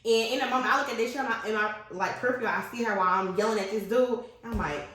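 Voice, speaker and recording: A woman's voice: a little high, fast talker. A woman in her twenties telling a personal story in casual, slangy podcast chat. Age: 20s. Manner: animated, candid, slangy storytelling. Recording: very echoey room.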